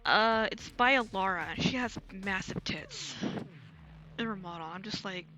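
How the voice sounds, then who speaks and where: A woman streaming live, chatting casually and candidly with crude humor, sliding her voice higher and lower as she talks. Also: expressive, moderate pace, sharp tone, slight background noise. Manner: candid, crude, laughs often. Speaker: VTuber streamer.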